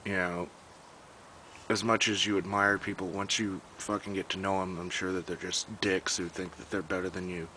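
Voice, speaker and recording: Young guy venting on his vlog, cusses constantly, kinda low voice, faint hiss behind. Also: pushed and bright, rough recording. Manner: profane, exasperated storytelling. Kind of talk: casual vlog rant.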